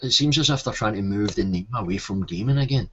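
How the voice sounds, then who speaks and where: A man co-hosting a podcast, asking questions in a halting way with many restarts. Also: lowish voice, highs cut off, a loud crowd. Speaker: podcast co-host. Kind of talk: casual group chat.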